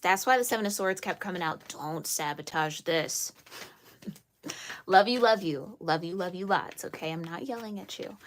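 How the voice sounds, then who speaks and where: A woman's voice: on the low side, normal speed, hardly any pauses, fairly bright tone, slight background noise. A woman giving a spoken tarot reading to her viewers. She is earnest and emphatic, scolds playfully, repeats phrases to reassure and laughs often. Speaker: tarot reader.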